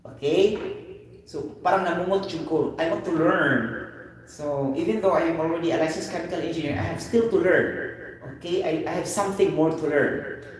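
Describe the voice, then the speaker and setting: A man's voice: a little high, normal speed. A man with a Filipino accent teaching a chemistry lesson in a loose, chatty way, often switching languages and checking in with "okay" and "get the point?". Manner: code-switching, repeats "okay" and "things like that". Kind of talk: informal video lesson. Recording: echoey room, distant mic.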